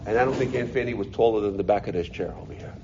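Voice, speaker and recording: A man, a rabbi from the United States, telling his life story in an animated way, often repeating words as he goes. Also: lowish voice, very fast, highs cut off, background noise. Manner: animated, repeats words, voices quoted people. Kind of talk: personal storytelling talk.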